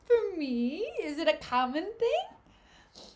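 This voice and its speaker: Sly, mocking schemer with a lilting high voice, played by a woman. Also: sing-song, slow pace, darkish tone, full character voice. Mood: teasing.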